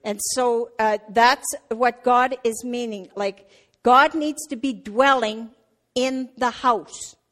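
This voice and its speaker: A woman's voice: fairly high pitch, slow pace. Woman preaching in a chatty sermon. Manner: conversational, with fillers and restarts; gets loud and animated telling a family story. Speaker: church speaker.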